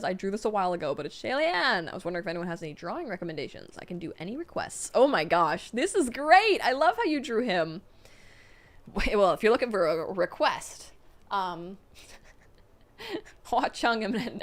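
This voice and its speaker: A woman streamer excitedly reading out donations and fan messages in a casual livestream chat, gushing and laughing often. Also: medium pitch.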